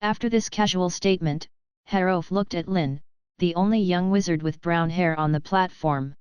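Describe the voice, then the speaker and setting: A woman narrating a fantasy novel audiobook in an even, steady reading voice. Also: on the low side, normal speed, clear, resonant tone, no echo, lo-fi sound. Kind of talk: scripted narration.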